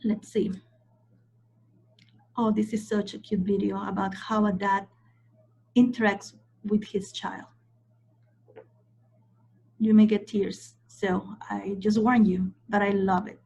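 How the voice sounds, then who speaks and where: A woman's voice: mid-range voice, flat delivery, takes it slowly, creaky, long pauses, dark tone, slightly rough. A woman trainer giving a training lecture, stressing her points and checking in with the audience as she goes. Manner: emphatic, repeats points and checks in with "okay?".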